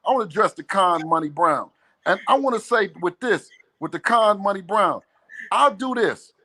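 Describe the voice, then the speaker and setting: A man's voice: high-pitched, normal speed. A man calling into a livestream, talking casually and playfully, often laughing. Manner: animated, laughing, playful trash talk. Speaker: call-in guest. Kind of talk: casual phone call on a livestream.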